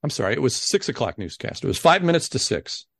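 A man who is a guest on a podcast, telling a story in a casual, animated way and acting out the people he quotes. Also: mid-range voice, fast, husky, no room sound, clean studio sound.

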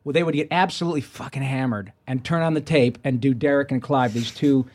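A man hosting a casual chat, a voice actor telling stories in an animated, profane way. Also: mid-range voice, fairly quick. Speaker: host, voice actor.

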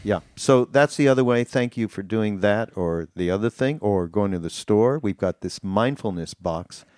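A man hosting a podcast, talking in a relaxed, rambling way with lots of "uh"s. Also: lowish voice, normal speed, no echo, clean studio sound. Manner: relaxed and rambling, with many fillers and restarts. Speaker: podcast host. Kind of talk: casual chat.

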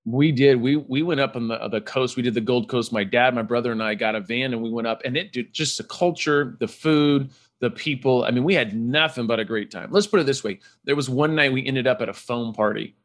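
A man's voice: mid-range voice, a little fast, few pauses. A man hosting a podcast interview, talking with eager enthusiasm and rambling restarts. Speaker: podcast host. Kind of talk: casual interview chat.

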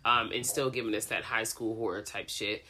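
A woman's voice: extremely low pitch, steady tone, moderate pace, background noise. A young adult woman co-hosting a podcast, giving sassy, joking film picks in casual chat. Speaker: podcast co-host.

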